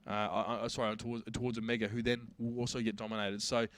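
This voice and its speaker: A man giving colour commentary on an esports match, analysing strategy in a chatty way and getting louder when the plays heat up. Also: on the low side, little pitch movement, quick pace. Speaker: esports caster.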